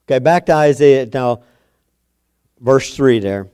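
A man's voice: medium pitch, lively intonation, takes it slowly, pauses often, a little mellow, clean tone. A middle-aged man preaching a sermon, telling a homespun family story with a folksy, repetitive style. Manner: folksy storytelling, repeats phrases for emphasis.

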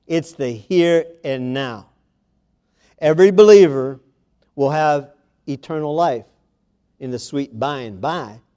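A man's voice: mid-range voice, takes it slowly, darkish tone. A man preaching a sermon to a congregation, reading scripture aloud and speaking to his listeners directly with emphasis.

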